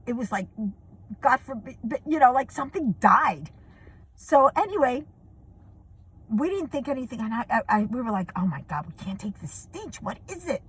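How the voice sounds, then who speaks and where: A middle-aged woman telling a family story to her viewers in a casual, animated way, often laughing and going high with excitement. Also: breathy edge.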